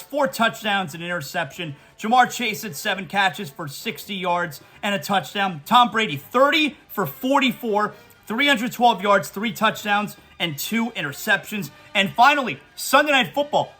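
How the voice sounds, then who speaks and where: A man's voice: high-pitched, pushed and bright. A man hosting a sports talk show, reading scores and venting emphatically as a fan.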